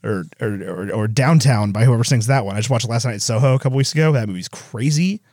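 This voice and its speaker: A man in casual movie chat, animated, with quick asides and voices when he retells scenes. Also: mid-range voice, no room sound, clean studio sound.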